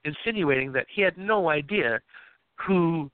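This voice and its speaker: A man's voice: a little high, expressive, moderate pace, no echo. A man hosting a podcast, retelling news in a loose, profane way and laughing as he goes. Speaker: podcast host. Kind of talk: casual podcast chat. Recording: tinny phone-like sound.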